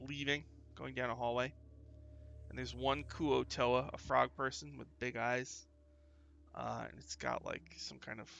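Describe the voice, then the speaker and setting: A man running a tabletop game as game master, narrating in a loose, halting way with many fillers. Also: mid-range voice, vocal fry, bright, forceful tone, highs cut off.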